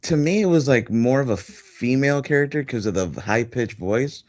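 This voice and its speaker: A man's voice: mid-range voice, lively intonation, normal speed, darkish tone, no echo. A man hosting a podcast in casual chat, rambling with lots of fillers and frequent laughs. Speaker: podcast host. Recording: dull dry lo-fi recording.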